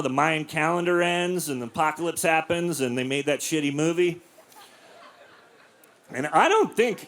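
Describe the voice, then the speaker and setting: A man in his forties doing a crude, deadpan stand-up set in a comedy club, acting out quotes in silly voices. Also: a little high. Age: 40s. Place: comedy club with a live audience.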